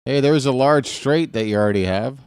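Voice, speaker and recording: A man hosting a live stream, trash-talking his opponents in a dice game, swinging from muttering to excited yelling. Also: medium pitch, fairly quick, smooth, no echo, studio quality. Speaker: streamer and play-by-play host. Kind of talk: casual live-stream commentary while playing a dice game.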